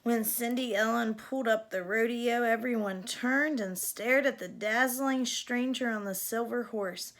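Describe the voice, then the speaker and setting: A woman teacher reading a picture book aloud in an unhurried, expressive storytelling manner. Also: fairly high pitch.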